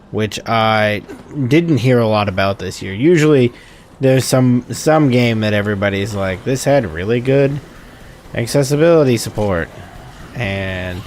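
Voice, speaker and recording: With a little hiss or hum in the recording, a man in a mid-range voice hosts a gaming video. He rambles chattily through let's-play commentary and keeps correcting himself.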